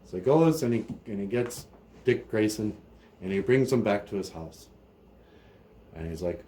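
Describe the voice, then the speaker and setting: A man's voice: on the low side, lively intonation, moderate pace, pauses often, mellow. A man telling a comic story as a storyteller, rambling with lots of fillers and laughs.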